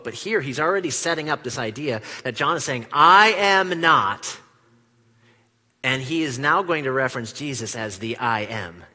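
Bright-voiced man preaching in a reverberant hall. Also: a little high. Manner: animated preaching, acts out quoted lines with big swings in loudness. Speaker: pastor. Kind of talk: sermon. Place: church sanctuary.

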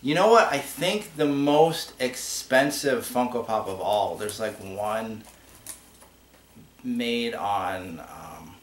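Low-voiced man rambling in an echoey room. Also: lively intonation, slow. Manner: rambling, chatty storyteller with restarts. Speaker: podcast co-host. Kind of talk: casual chat answering viewer questions. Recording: echoey room with faint hiss.

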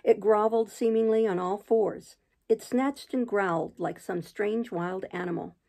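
A woman reads a classic novel aloud in a plain, homespun way. Her voice has a noticeable creak and fry running through it. Now and then she trips over a phrase and starts it again. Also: mid-range voice, steady tone, measured pace, mellow. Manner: unpolished reading with occasional restarts. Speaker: audiobook reader.

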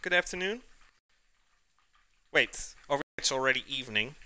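A man's voice: mid-range voice, lively intonation, normal speed, bright, forceful tone, no echo. A man cooking on a live stream, chatting casually and joking with his chat as he reads it aloud. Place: home kitchen.

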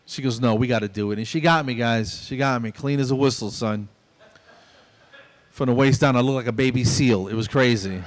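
A man in his fifties doing a stand-up comedy routine on a small club stage, telling stories and acting out both sides of each exchange. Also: mid-range voice.

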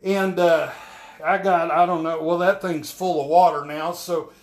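A man's voice: on the high side, steady tone, measured pace. A man, rambling folksy jokes in a home-repair vlog, soaked and frustrated. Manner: folksy, rambling, keeps asking "all right?". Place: small bathroom. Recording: echoey bathroom.

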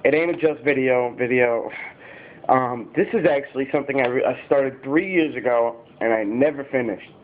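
Recorded with a thin, phone-like sound, this casual vlog features a fifteen-year-old boy YouTuber talking to the camera at a moderate pace in a mid-range voice. He rambles, swears and fills his speech with fillers.

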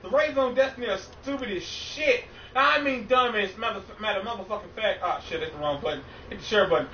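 A man's voice: high voice, quick pace, bright, forceful tone. A man streaming a game, ranting in frustration with heavy cursing. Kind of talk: ranting gameplay stream chat. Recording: echoey, distant, muffled stream audio with faint noise.

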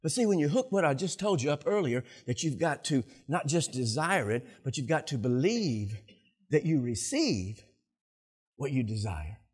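A male pastor preaching a sermon, telling stories with animated delivery and acting out scenes, often repeating words. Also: mid-range voice, normal speed, breathy edge.

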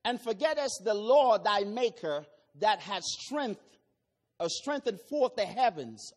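High-voiced Jamaican preacher, slow delivery. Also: male voice. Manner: slow, deliberate scripture reading with sudden loud calls. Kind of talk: sermon with scripture reading.

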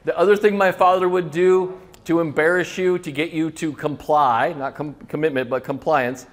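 A man's voice: fairly high pitch, fairly even intonation, normal speed. A middle-aged man, a restaurant consultant, telling kitchen stories in a loose, swearing way and acting out the voices of cooks and chefs. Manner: storytelling, acts out kitchen voices, swears casually. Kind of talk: casual talk to an audience.

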